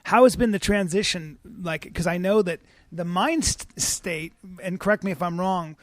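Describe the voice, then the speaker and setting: A man's voice: high voice, moderate pace, no room sound. A man hosting a casual interview, playful and rambling, asking questions with many restarts. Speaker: podcast host. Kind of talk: casual chat.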